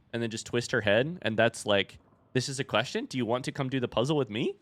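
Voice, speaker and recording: A man's voice: medium pitch, expressive, brisk, a bit bright, no echo. Chatty self-mocking man streaming a game. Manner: chatty, self-mocking, storytelling between fights. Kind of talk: casual gameplay commentary.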